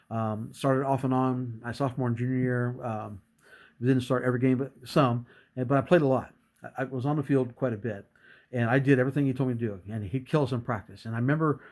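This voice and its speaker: A man's voice: mid-range voice, a little mellow. A middle-aged man giving an earnest motivational talk, telling a story and acting out bits of dialogue. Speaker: motivational speaker.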